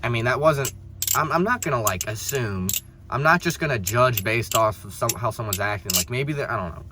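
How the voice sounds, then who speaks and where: A man's voice: medium pitch, brisk. Rambling young man telling a story. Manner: rambling, many restarts and fillers, exasperated. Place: in a car. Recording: noisy background.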